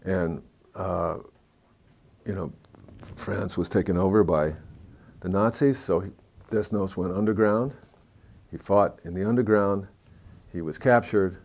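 A man telling a story in a talk, moving between hushed, somber passages and lively, excited stretches. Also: deep voice, a little slow, long pauses.

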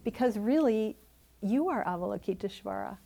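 A woman's voice: mid-range voice, animated, normal speed, vocal fry, mellow. Thoughtful woman giving a dharma talk. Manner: thoughtful, hedging, laughs easily. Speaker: meditation teacher.

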